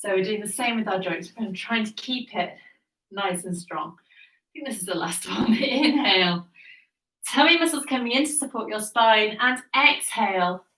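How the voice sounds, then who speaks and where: A woman instructor talks a class through a Pilates routine with calm, encouraging cues. Her voice is bright and a bit sharp, and it sits back from the mic in a roomy, echoing space. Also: medium pitch, normal speed, far from the mic. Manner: encouraging, calm cueing with breath counts. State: slightly out of breath. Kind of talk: guided workout instruction. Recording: echoey room, voice off-mic.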